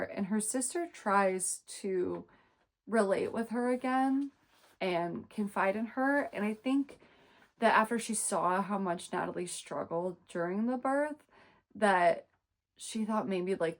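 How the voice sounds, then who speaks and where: A woman talks through a book review in a loose, casual vlog. She sounds exasperated, swears freely and leans hard on her words. Her voice sits at an ordinary middle pitch. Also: slow. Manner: expressive, emphatic.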